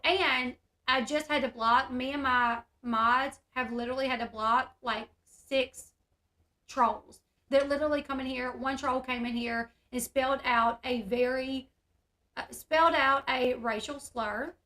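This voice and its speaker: A YouTube host with a high, bright voice chats candidly on her livestream, reading out viewer comments as she goes. Her tone is steady and a little slow, and the room at home gives her voice a noticeable echo.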